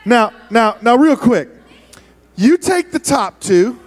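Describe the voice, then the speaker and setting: A man preaching as a youth pastor, playfully wrangling a big room of students and often shouting. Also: extremely high pitch, very animated, takes it slowly. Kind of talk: youth ministry sermon.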